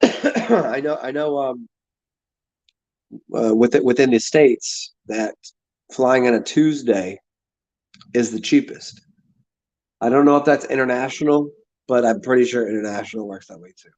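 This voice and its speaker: A man chatting casually to his viewers, halting and repeating words, often restarting his sentences and swearing now and then. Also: medium pitch, a little mellow. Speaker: streamer answering chat. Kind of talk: casual rambling chat. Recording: dull lo-fi sound.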